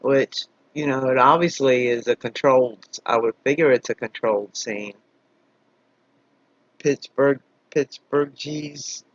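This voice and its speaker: A man's voice: medium pitch, moderate pace, few pauses, a bit bright, no echo. Man, casual live commentary, chatty and laughing, tired, dry close sound, slightly muffled audio. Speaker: scanner stream host.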